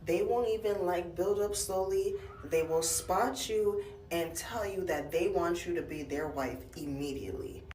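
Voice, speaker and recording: A woman's voice: lowish voice, unhurried. A woman casually telling a story and acting out the dialogue. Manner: animated, acts out the dialogue. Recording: roomy echo, from a distance.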